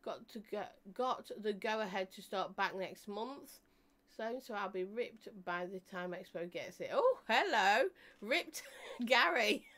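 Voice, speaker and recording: Reading out viewer comments on her live stream, this woman keeps things casual, cracking jokes and laughing a lot. She speaks a little slowly in an expressive, medium-pitched voice with a fairly bright tone.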